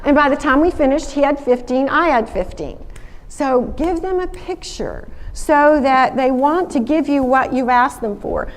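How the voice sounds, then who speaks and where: A woman's voice: on the high side, big-room sound, rough recording. A woman with a Southern accent speaking as a guest at a school assembly, telling folksy stories and acting out her phone calls. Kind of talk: motivational talk to a school assembly.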